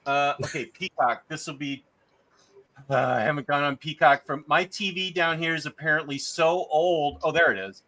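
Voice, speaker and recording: Casual male streamer, chatty and meandering, bright and a touch high. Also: fairly even intonation, normal speed. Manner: rambling, reads chat aloud with filler. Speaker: livestream host. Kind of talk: casual livestream chat.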